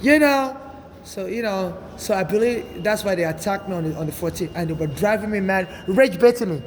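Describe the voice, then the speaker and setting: A man's voice: sits high, lively intonation, a little fast. A man in his forties, from Nigeria, talking in an urgent, rambling personal monologue and often repeating himself. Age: 40s. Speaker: vlogger. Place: city streets and transit.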